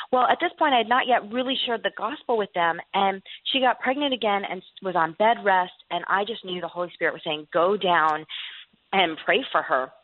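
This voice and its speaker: A woman's voice: mid-range voice, no echo. A woman author telling faith stories earnestly in an interview. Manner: earnest storytelling with laughs. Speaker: guest author. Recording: tinny phone line.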